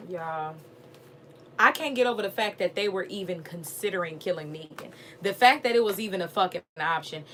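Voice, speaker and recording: A woman hosting a live stream, chatting casually with her viewers in a lively, profane, fired-up way. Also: on the low side, normal speed, a little hiss or hum. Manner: animated, profane, talks straight to viewers.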